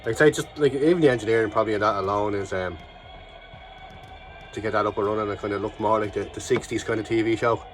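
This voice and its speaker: A man's voice: fairly low pitch, fairly even intonation, fast talker, faint music behind. A man vlogging a toy review in a casual, enthusiastic, rambling chat full of fillers.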